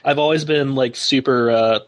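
A man playing in a tabletop game, describing his character's approach in a relaxed way full of fillers. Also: medium pitch, moderate pace. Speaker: player. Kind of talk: casual tabletop play.

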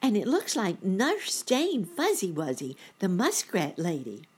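A woman voicing a young bunny boy in a storybook reading, high and eager. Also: huge pitch swings, unhurried, darkish tone, husky, heavily acted. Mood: excited. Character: excitable little bunny boy.

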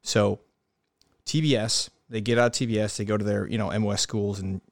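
A podcast host tells a prank story in a relaxed, joking, slightly crude way. His voice sits a bit low. The sound is dry and close to the mic. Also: brisk, gravelly, no echo. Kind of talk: casual chat.

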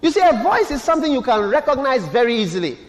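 A man's voice: very high voice, big pitch swings, quick pace. A man preaching a sermon as pastor, putting questions to the congregation and repeating key words. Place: church hall. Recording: long echo of a large hall.

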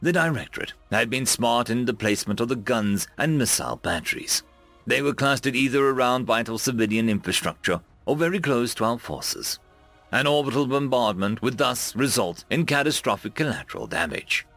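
A man narrates a military science fiction story in a middle-pitched voice. His delivery is dramatic and swings widely in pitch. Faint music plays underneath. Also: normal speed. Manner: lively, dramatic reading with raised voices for dialogue. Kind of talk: scripted sci-fi story narration.

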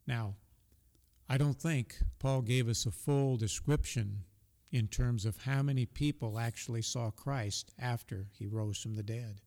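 This Bible study co-host, a man, reads scripture aloud in an unhurried, mid-range voice within a large hall. The discussion is conversational, and he offers his partner frequent soft affirmations.

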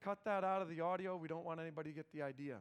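A middle-aged male pastor preaching a sermon in a conversational, animated way, often repeating words as he starts phrases. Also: fairly high pitch, rapid-fire, smooth, lo-fi sound.

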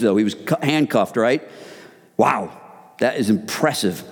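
A man preaching to a men's group in an emphatic, exhorting way, at a mid pitch. His voice carries a long reverb through a large hall. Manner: emphatic and exhorting, addresses listeners as guys. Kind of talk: sermon.

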